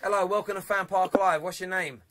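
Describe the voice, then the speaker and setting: A man's voice: high voice, fairly even intonation, a little fast, noisy background. A young man hosting a live football phone-in, chatty and jokey, laughing often and reading viewer comments aloud. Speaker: phone-in show host.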